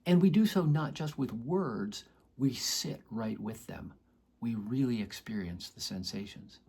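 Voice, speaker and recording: A male doctor teaching straight to camera, his voice gravelly and a little husky. He talks earnestly, with lively swings in pitch as he acts out little quoted voices in his examples. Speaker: doctor teaching about chronic pain. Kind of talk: educational talk to camera.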